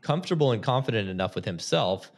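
A man's voice: mid-range voice, expressive, fast. A man hosting a podcast interview, laid-back and casual, often checking in with "right?". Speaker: podcast host.

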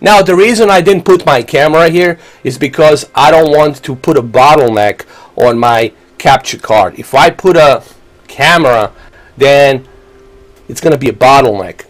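A man's voice: mid-range voice, moderate pace. A man, ranting angrily and profanely while live-streaming a game. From Bosnia. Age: 40s. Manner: angry, profane, combative.

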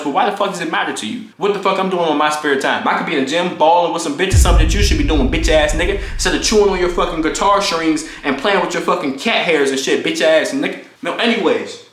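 A young man rattles through a storytime vlog at a fast clip, voice sitting a bit high for a man. He is animated and profane, acting out each quoted line. The sound is roomy and echoey. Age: young adult. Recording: echoey room.

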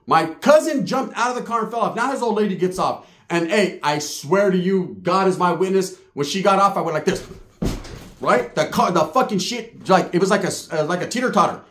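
A man's voice: high voice, lively intonation, fairly quick, a bit bright, reverberant. A man doing stand-up, telling a profane, slang-filled story and acting out the quotes. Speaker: stand-up comedian.

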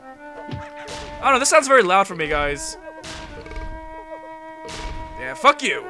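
A man commentating a game he is playing, excitable and profane, often shouting at the screen. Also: sits high, slow, long pauses, faint music behind. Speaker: gamer. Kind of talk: profane let's-play commentary.

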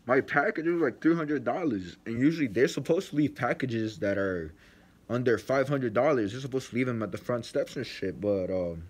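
A young man vlogging an unboxing, ranting in slangy, profane casual talk while he is sick. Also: medium pitch.

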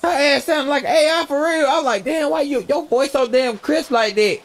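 A man's voice: extremely high pitch, normal speed. A young man streaming a role-play game, chatting casually, telling stories in slangy, profane talk and laughing often. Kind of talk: casual gameplay chat.

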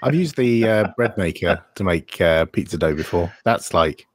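A man in a casual live-stream chat, relaxed and plain-spoken. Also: deep voice, normal speed, no room sound, clean studio sound.

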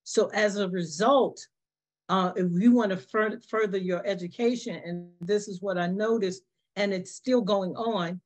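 A woman's voice: medium pitch, a little slow, darkish tone. A woman on a panel answering questions in a hesitant, conversational way, restarting often as she talks. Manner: hesitant, many fillers and restarts.

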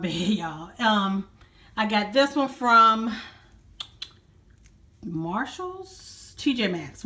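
This fashion vlogger chats away in her bedroom, slightly breathless, saying sorry to her audience often and addressing them as "y'all" and "guys." She has a fairly bright, mid-range voice.

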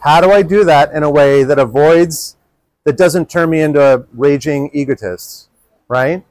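A man presenting a dating workshop, answering audience questions in an earnest, animated way and acting out inner dialogue. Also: fairly high pitch, normal speed, no room sound. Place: workshop room.

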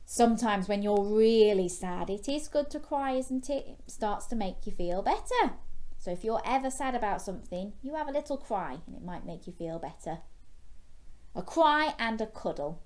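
A woman reading a bedtime story to young children, gently asking them questions along the way. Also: mid-range voice, animated, normal speed.

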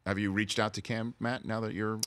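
A man's voice: on the low side, little pitch movement, brisk, fairly bright tone, no echo. A man hosting a sports talk interview in a studio, asking playful, teasing questions. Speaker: talk show host.

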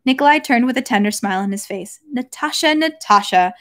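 A woman reading a classic novel aloud at home, steady, with occasional self-corrections. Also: on the high side, fast. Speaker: reader of a novel. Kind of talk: read-aloud narration.

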